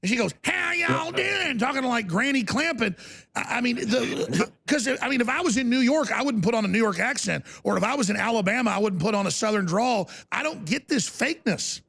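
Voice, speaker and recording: A middle-aged male talk host with an intensely gravelly, raspy voice pitched on the high side. He talks in an animated, indignant way and stumbles into repeated words when fired up. This is combative political talk-show delivery. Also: a little fast.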